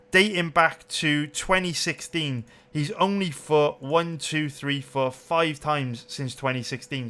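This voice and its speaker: A man's voice: fairly high pitch, sharp tone, clean tone. A young man hosting a betting channel, giving a brash, profane and emphatic casual breakdown while calling his viewers boys.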